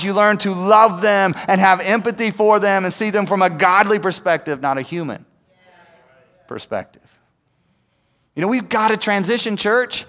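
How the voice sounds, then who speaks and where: A man with a notably high-pitched voice delivers a conversational sermon, tossing in frequent "right?" asides and swinging between hushed and emphatic stretches. He is heard in a church sanctuary with a long, lingering hall reverb. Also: lively intonation, moderate pace. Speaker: pastor.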